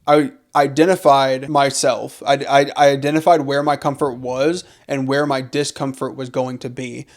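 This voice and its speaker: This young man co-hosts a podcast and talks about faith in an earnest, reflective, casual way, repeating phrases to stress them. His mid-range voice varies little in pitch and moves at a moderate pace with few pauses.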